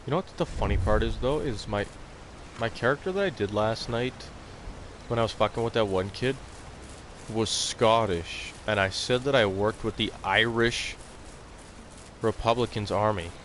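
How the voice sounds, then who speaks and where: Young guy live streaming a hunting game, lowish voice, swears a lot, bit of faint hiss behind him. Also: moderate pace, fairly bright tone. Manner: profane, rambling, blunt. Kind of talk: casual live-stream chat.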